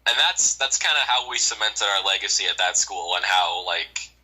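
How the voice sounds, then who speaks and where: A man's voice: low voice, animated, normal speed, crowd noise, poor audio. A young man telling a rambling, profane story in casual chat, with lots of fillers. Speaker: storyteller on a call show.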